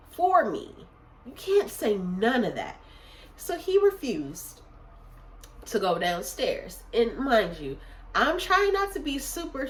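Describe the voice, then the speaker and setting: A woman vlogger telling a storytime tale in an emphatic way, repeating phrases for effect. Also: mid-range voice. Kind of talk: storytime vlog.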